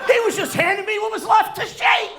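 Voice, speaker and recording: A man performing a profane, animated standup comedy set on a club stage. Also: very high-pitched, a little fast, gravelly, noisy background. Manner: animated, profane, loud bursts over crowd laughter. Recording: live club recording with crowd laughter. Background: audience laughing.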